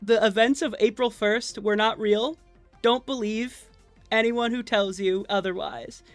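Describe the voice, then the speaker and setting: A woman's voice: fairly high pitch, steady tone, measured pace, no room sound. A nervous woman streamer chatting casually to her viewers at her computer mic, rambling and joking at her own expense. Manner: rambling, playful and self-mocking, with many fillers and restarts. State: nervous, with stage fright. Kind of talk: casual live-stream chat. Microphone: desk microphone at a computer. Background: faint game music.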